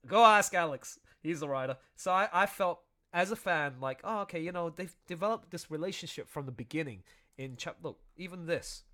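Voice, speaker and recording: A man chatting excitedly through commentary on his own audio drama, often laughing as he talks. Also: on the high side, a little fast. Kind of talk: casual commentary livestream.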